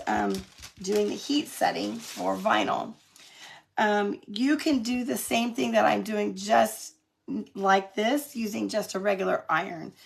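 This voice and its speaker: A woman's voice: fairly high pitch, creaky, a little hiss or hum. A middle-aged woman from California chatting through a live craft demo, laughing often and answering viewer comments as she works. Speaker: craft demonstrator on a live stream.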